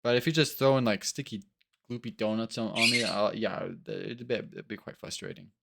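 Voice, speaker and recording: A man chatting casually in a reaction video, rambling and animated, often acting out other people's voices. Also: on the low side, moderate pace, gravelly, heavy background noise. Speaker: co-host.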